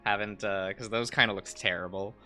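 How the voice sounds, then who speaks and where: A man's voice: fairly low pitch, steady tone, a little fast, pushed and bright, faint music behind. A male streamer chatting casually while drawing on a livestream, rambling, laughing often, trailing off and humming to himself.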